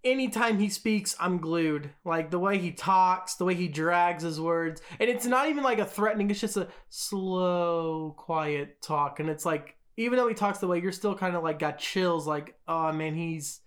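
A woman's voice: fairly low pitch, lively intonation, moderate pace, few pauses. Chatty rambling female podcast co-host. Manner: chatty, rambling, lots of fillers like "like" and "you know". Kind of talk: casual podcast chat.

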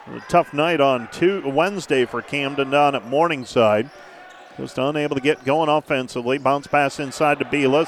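Man calling basketball play-by-play, fairly high voice. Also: background noise. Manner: brisk name-by-name play calling with stat asides. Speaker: play-by-play announcer. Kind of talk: live basketball commentary.

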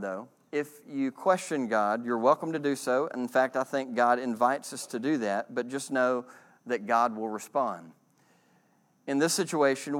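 A man preaching a sermon, acting out quoted voices higher and dropping low and quiet to read scripture. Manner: animated, acts out quoted voices in a higher pitch. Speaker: pastor.

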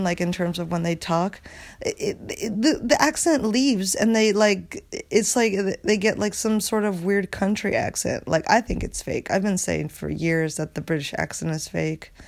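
A woman's voice: medium pitch, animated, measured pace, creaky, darkish tone. A woman hosting a solo podcast, ranting casually in a rambling way, swearing often and full of filler words. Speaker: podcast host.

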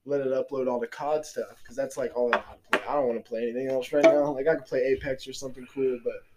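A man's voice: mid-range voice, steady tone, quick pace, very noisy. A young man as a podcast guest, talking in an easygoing, rambling way with his friend. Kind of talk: casual podcast chat.

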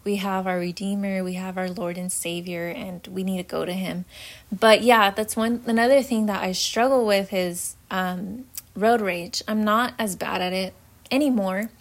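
A woman's voice: medium pitch, steady tone, moderate pace. A young woman talks through a personal story on her faith podcast. Her delivery is candid and conversational, full of "like" and "um" as she gathers her thoughts. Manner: candid and chatty, many fillers like "like". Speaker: podcast host.

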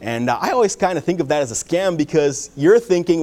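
A male pastor preaching in a church. He tells folksy stories and keeps leaning on "uh" and "and so". His voice sits a little higher than most men's. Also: sing-song, fairly quick, darkish tone. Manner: folksy storytelling with many fillers. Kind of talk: sermon.

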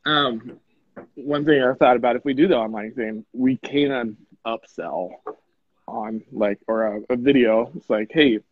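A man's voice: medium pitch, measured pace, no room sound, narrow, tinny audio. A man who owns a hardware store, chatting easygoingly as a guest and laughing often. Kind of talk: casual interview chat.

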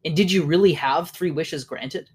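A reader voicing a kindly elderly mother who asks gentle, worried questions. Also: mid-range voice, moderate pace, slightly rough, close to an everyday voice.

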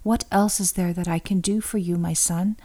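A woman reading the lines of an aged blind father, with measured, solemn phrasing. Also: fairly low pitch, fairly even intonation, mellow, lightly acted.

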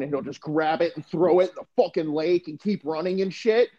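A young man co-hosts a podcast, his voice a little high and a little fast as he rambles through casual, profane chat and keeps saying "dude." The recording has a dull, lo-fi sound.

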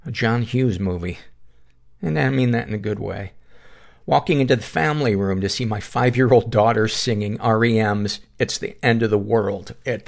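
A man's voice: lowish voice, gravelly. A middle-aged man hosting a podcast, reading listener submissions aloud and adding wry asides between them. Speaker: podcast host.

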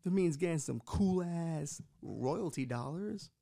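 A man's voice: a little high, lively intonation, slow, gravelly, dark tone. A young man with a New York accent, going on a rambling, profane comedic rant as a podcast host. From United States.

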